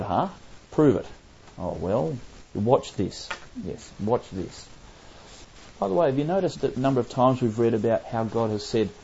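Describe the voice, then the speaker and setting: Male bible study leader, low and mellow, dull lo-fi recording, explains and asks rhetorical questions. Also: a little hiss or hum.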